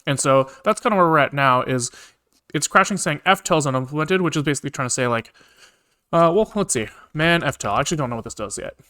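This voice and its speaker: A man's voice: fairly high pitch, animated, fast talker, bright, forceful tone. A man casually explaining his programming work on a live stream, talking loosely and thinking aloud with lots of filler words.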